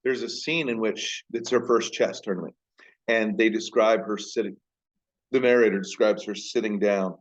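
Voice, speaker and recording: A man who teaches high school, talking casually to camera in a rambling, self-deprecating way. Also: fairly even intonation, normal speed, lo-fi sound. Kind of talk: casual vlog talk.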